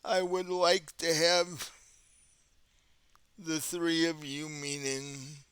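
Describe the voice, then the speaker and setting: A man's voice: fairly high pitch, clean tone, no room sound. A man voicing a genteel old vampire prince. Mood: courteous. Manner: calm, courteous, unhurried host tone.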